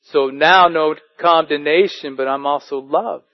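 A man preaching a sermon as pastor, reading scripture and telling animated stories. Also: a little high, a little slow, dull audio, soft background music.

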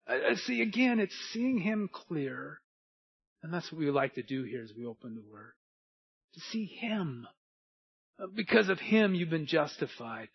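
A man preaching a sermon with an emphatic, repetitive cadence that builds to shouting. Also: a little high, very animated, unhurried, gravelly, husky. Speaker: pastor. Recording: dull lo-fi sound.

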